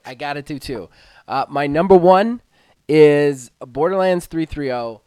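A man co-hosting a gaming podcast, chatting casually in an excited, self-deprecating, rambling way. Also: a little high, unhurried, clean tone, dry recording. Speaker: podcast co-host. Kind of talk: casual chat.

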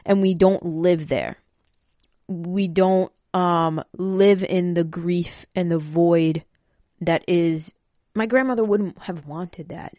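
A woman's voice: lowish voice, fairly even intonation, takes it slowly, mellow, no echo, clean studio sound. A woman speaking casually and emotionally, rambling and swearing freely as she talks to her listeners. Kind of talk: casual personal talk.

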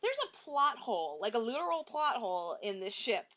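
Casting: woman podcast host, casual rambling delivery, very expressive pitch. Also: a little fast, dull audio. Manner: rambling, many fillers and restarts; acts out quoted lines in exaggerated voices. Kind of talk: casual solo movie chat.

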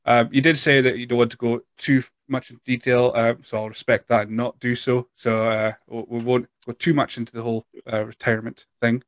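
A man's voice: medium pitch, flat delivery, brisk, hardly any pauses, no echo. A man hosting a podcast in a casual, rambling, self-deprecating way. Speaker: podcast host. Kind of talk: casual chat.

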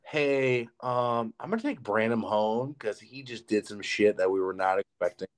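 This young man, a podcast co-host, has a lowish voice and keeps a moderate pace. He tells an animated story in casual talk laced with profanity and constant "like."

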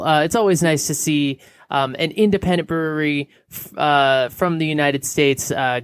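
A man co-hosting a casual beer podcast, talking in a relaxed way with many fillers into a close microphone. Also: fairly high pitch, clean tone, dry recording. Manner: laid-back, lots of filler words. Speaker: podcast co-host. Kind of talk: casual chat.

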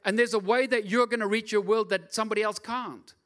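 A middle-aged man preaching a lively, joking sermon as pastor, often acting out voices in his stories. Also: sits high, fast. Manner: animated, jokey, acts out voices.

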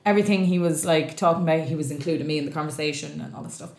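Fast-talking Irish woman telling a story. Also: deep voice, a little mellow, reverberant, faint music behind. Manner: chatty storyteller acting out quotes. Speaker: podcast co-host. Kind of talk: casual storytelling chat.

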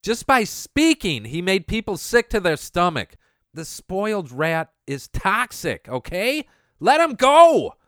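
A man rants as a show host in a sneering, scornful commentary. His voice swings widely up and down, smooth and resonant in tone. The sound is close and dry, with no room. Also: sits high, big pitch swings, unhurried, sharp tone, no echo. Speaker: podcast host. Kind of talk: ranting political commentary.

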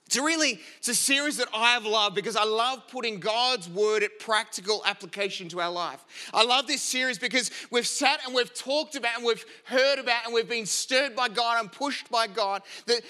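A pastor in middle age delivers an earnest sermon, moving from prayer into lively storytelling. His voice is high for a man and very bright, with a sharp, tense edge. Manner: earnest, storytelling, self-deprecating.

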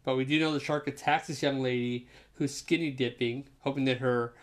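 A man co-hosting a casual podcast, recounting things in a relaxed way and swearing freely. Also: medium pitch, brisk. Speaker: podcast co-host. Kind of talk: casual chat.

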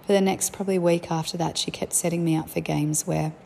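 Her pitch is fairly low and her intonation fairly even as this young mother talks fairly quickly in a creaky, slightly mellow voice. The casual stories she tells about family life are candid and reflective, and a slight hiss or hum is audible.

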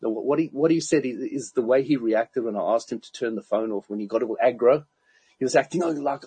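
Husky man telling a lively story. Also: medium pitch, fast talker, no echo. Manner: animated anecdote-telling, laughs often, acts out quoted people. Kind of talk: casual chat, storytelling.

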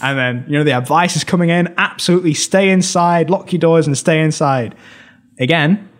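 A man's voice: fairly high pitch, normal speed. A British man co-hosting a film podcast, recapping scenes in a rambling casual way, laughing often and restarting his sentences.

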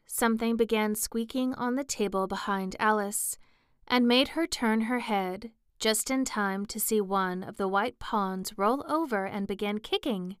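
A woman narrating a storybook as an audiobook, in a slow, even storytelling manner. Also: medium pitch, smooth, dry recording, studio quality. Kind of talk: audiobook reading.

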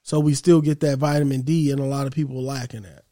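A young man talking in a casual group chat, animated and rambling, with slangy speech. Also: medium pitch, fast talker.

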